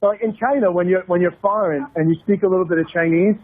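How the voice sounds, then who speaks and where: A man, a stand-up comedian, telling a story on a radio show with quick halting restarts. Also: high-pitched, fairly even intonation, phone-quality sound. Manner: fast, halting restarts, switches into Mandarin. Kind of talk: street comedy bit and studio chat. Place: radio studio.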